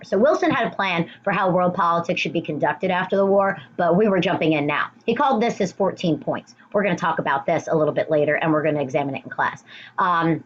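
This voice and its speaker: A woman's voice: on the low side, animated, normal speed, lo-fi sound, slight background noise. Chatty woman teaching history. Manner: chatty and emphatic, with frequent restarts and asides. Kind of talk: recorded video lesson.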